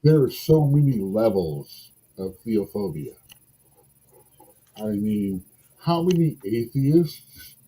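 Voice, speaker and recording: A man chats on a podcast, drifting from argument into a folktale and joking at his own expense. His voice is very dark and mellow with a husky grain, and he takes his time. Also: mid-range voice, poor audio. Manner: musing, rambling, self-deprecating. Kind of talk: casual podcast conversation and storytelling.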